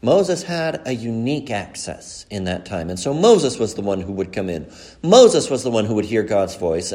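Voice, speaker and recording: Animated preaching man. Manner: earnest preaching, rising to emphatic peaks and dropping low and slow. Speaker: pastor. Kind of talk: sermon.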